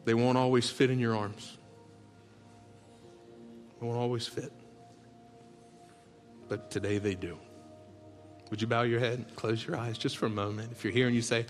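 A man preaching a sermon as a pastor, telling tender stories in a soft voice and building to loud, rallying calls to the congregation. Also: medium pitch, flat delivery, moderate pace, long pauses. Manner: heartfelt storytelling that swells into loud rallying calls; drops to soft, hushed tones for tender moments. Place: large church auditorium. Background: soft background music.

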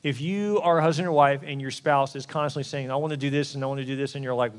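Guy pastor preaching, jokey and frank, does little voices for quotes, kinda high voice, long echo of a big hall. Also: fairly even intonation, fast, few pauses. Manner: candid and joking, acts out quoted voices. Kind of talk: sermon.

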